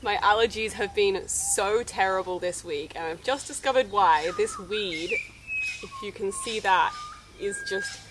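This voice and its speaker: A woman's voice: medium pitch, wildly swooping pitch, measured pace, background noise. A young woman giving a chatty, enthusiastic vlog tour of her orchard outdoors. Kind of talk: casual vlog narration. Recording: background music under the voice.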